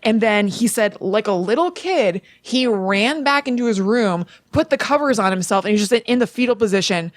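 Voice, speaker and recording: A woman's voice: medium pitch, expressive, moderate pace, few pauses, no room sound, clean studio sound. A young woman co-hosting a podcast, casually retelling a story in a chatty way full of "like" fillers. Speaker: podcast co-host.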